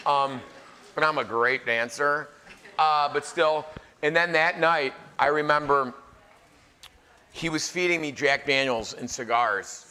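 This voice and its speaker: A man in his forties, a chef, telling funny stories live to a crowd in a casual, animated way. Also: a little high. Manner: animated, joking, filler-heavy. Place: live event venue.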